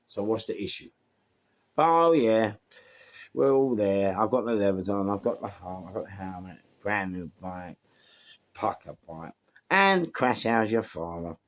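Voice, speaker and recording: A man with a London accent telling a lively, slangy story and acting out what people said. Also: on the low side, unhurried. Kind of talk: casual spoken anecdote.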